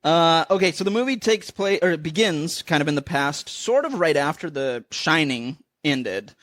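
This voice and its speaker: Casting: chatty, giggly male podcast co-host, slightly high voice, dry close mic. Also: animated, moderate pace, fairly bright tone, no echo. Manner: giggly, self-deprecating, rambling recap. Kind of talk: casual chat.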